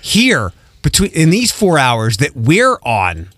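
An earnest male radio host whose voice sits a little higher than average. He speaks in a measured way, and the sound is dry and close, with no room echo. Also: huge pitch swings, fairly bright tone. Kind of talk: casual radio chat.

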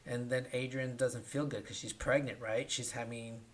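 A man co-hosting a casual podcast, retelling a film plot in an animated way, acting out the characters' lines and often asking "right?". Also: mid-range voice, moderate pace. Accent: Californian. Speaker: podcast co-host. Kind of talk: casual movie recap chat.

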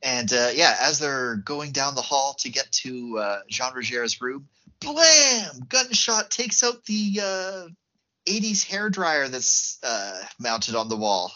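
Man, podcast co-host, casual film chat, animated retelling, bright tone, slightly muffled audio. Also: medium pitch, takes it slowly. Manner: animated plot retelling with fillers and acted-out quotes.

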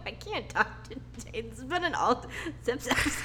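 A woman's voice: fairly high pitch, expressive, unhurried, pushed and bright, slight background noise. A woman co-hosting a casual podcast, telling stories in a joking, self-mocking way and swearing casually. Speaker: podcast co-host.

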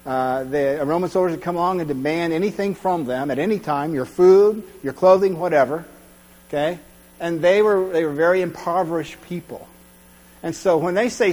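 A man's voice: on the high side, moderate pace, darkish tone, in a large hall, low-quality recording. A man giving a conversational sermon as pastor, acting out crowd voices and often checking in with his listeners.

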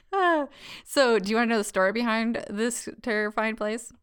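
A woman's voice: a little high, measured pace, a bit bright, smooth. A young woman co-hosting a podcast, rambling through a story in casual chat with frequent giggles. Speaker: podcast co-host.

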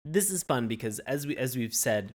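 A woman co-hosting a podcast in casual chat, animated and swearing freely, jumping into mocking quotes. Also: a bass voice, normal speed. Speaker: podcast co-host.

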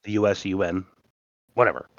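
A man's voice: low-pitched, steady tone, a little fast, no echo, lo-fi sound. A man co-hosting a podcast in casual chat, answering in short bits and laughing often. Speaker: podcast co-host.

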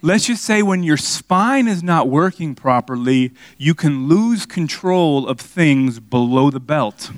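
A man's voice: slow, few pauses, no room sound. A man from Miami preaching a sermon, telling a personal story and talking back and forth with the congregation. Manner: storytelling, conversational with the crowd, rising to excited highs. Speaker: pastor.

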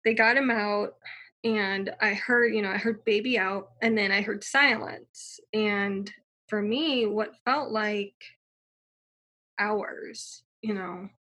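Young woman, bright tone, slightly husky, casual storytelling, lots of "like" and quoted dialogue. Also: mid-range voice, steady tone, slow. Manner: chatty, many fillers, acts out quotes. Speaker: guest telling her birth story.

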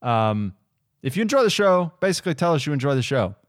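A man's voice: fairly high pitch, big pitch swings, fast talker, no room sound, studio quality. Easygoing male podcast host. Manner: laughing easily, rambling with restarts. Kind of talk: casual chat.

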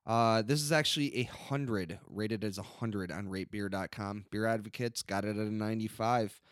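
A man's voice: lowish voice, moderate pace, no echo, studio quality. A young man co-hosting a podcast, chatting casually about beer with lots of fillers and restarts. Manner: rambling with many fillers and restarts. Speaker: podcast co-host. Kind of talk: casual beer-tasting chat.

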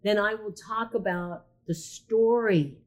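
A middle-aged woman, a podcast host and shaman, chatting casually and telling lively stories with lots of restarts. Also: medium pitch, slow pace. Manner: animated storyteller, many restarts and quoted voices. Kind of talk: casual chat.

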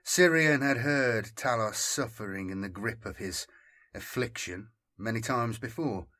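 A man narrating an audiobook in a slow, deliberate scripted reading. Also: mid-range voice, bright, forceful tone.

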